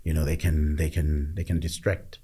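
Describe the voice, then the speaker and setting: A middle-aged man telling stories in a reflective conversation, measured and often repeating words as he gathers his thoughts. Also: very deep voice, flat delivery, mellow, slightly rough. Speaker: podcast guest.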